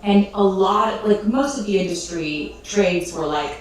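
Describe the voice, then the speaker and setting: During a livestream, an interview clip plays back in a room, sounding distant and echoey with faint noise. In it, a woman of medium pitch speaks a little slowly with hardly any pauses, rambling through an emotional story full of fillers and restarts while laughing through tears.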